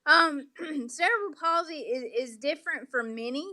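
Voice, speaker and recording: A woman with a Southern accent speaks at normal speed in a high voice with a sharp tone. She's a polite guest in a remote interview, patiently explaining things with frequent "um" fillers.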